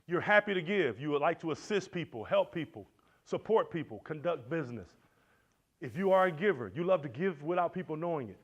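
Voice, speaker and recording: Animated man preaching to students. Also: on the high side, fairly quick. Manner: animated, preacherly, swings loud and soft with asides. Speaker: conference speaker. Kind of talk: motivational church teaching. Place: lecture hall. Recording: dull lo-fi recording.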